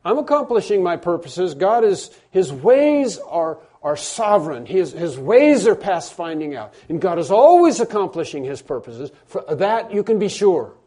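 A man preaching a sermon as pastor, emphatic, moving between hushed passages and loud, drawn-out stressed phrases. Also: high voice, sing-song.

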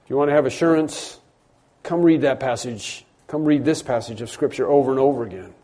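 A man preaching a sermon, stressing words loudly and then dropping low, often repeating phrases. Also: brisk. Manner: emphatic, repeats phrases, swings between loud stresses and quiet drops.

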